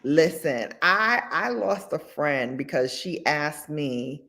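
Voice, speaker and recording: A woman hosting a casual commentary vlog, blunt and sassy, with animated asides. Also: low-pitched, takes it slowly. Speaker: host.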